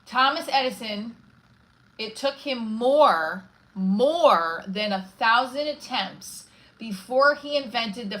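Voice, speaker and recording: A woman hosts a casual livestream, rambling, often restarting her sentences and reading viewer comments aloud from the chat. Her voice is a little high with a sharp tone. The recording quality is low.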